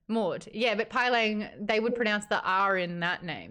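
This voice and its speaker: A woman with an Australian accent hosting a casual live-stream chat, playful and quick to laugh. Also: mid-range voice, a bit bright. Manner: playful, laughs often, jumps between topics. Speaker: host.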